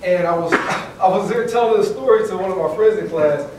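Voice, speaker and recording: An animated man in his thirties tells a story with a fairly high voice. He is heard from across a big echoing room with faint background noise, a lively, laughing storyteller on a panel. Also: a little fast. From California. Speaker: panelist, former student athlete. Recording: echoey hall from far off.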